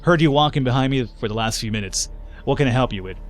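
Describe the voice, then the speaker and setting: A man's voice: mid-range voice, quick pace, soft background music, natural voice. A man voicing a middle-aged male hunter in a game, reading his lines in a plain, matter-of-fact way. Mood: offhand.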